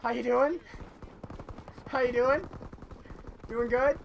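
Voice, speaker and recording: A man chatting with friends while playing an online shooter, excitable and yelling often, his voice a bit hoarse. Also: very high-pitched, slow, a little hiss or hum. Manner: excitable, yells and cheers often. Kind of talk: casual gaming chat.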